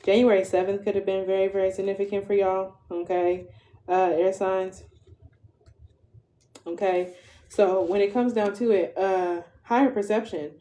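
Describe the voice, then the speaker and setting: Her mellow, medium-pitched voice barely moves in pitch and keeps a moderate pace. She's a woman in her twenties reading tarot live in a relaxed, slangy manner, adding "okay?" to nearly every phrase.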